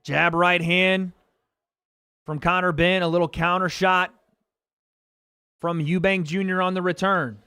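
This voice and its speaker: Man, fight commentator, high voice, bright tone, excitable, swears, calls punches live. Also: a little slow, long pauses, clean tone, dry recording, studio quality. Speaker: watch party host.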